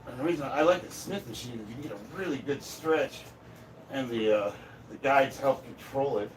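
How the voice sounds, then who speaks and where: A man's voice: medium pitch, normal speed, noisy background. A middle-aged man, a strength athlete, chatting casually on a livestream from his home gym, thinking aloud and bluntly with some swearing. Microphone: camera set up across the room.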